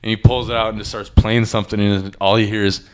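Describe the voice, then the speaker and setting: A man casually retelling a wild story on a podcast, crude and animated, acting out the people he quotes. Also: fairly low pitch, fast, clear, resonant tone. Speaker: podcast host.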